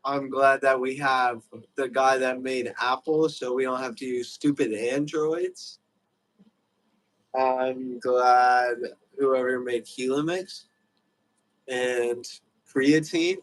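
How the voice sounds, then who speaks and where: A man's voice: mid-range voice, fairly even intonation, takes it slowly, low-quality recording. A young man hosting a livestream, rambling loosely in casual chat with lots of fillers. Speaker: livestream host.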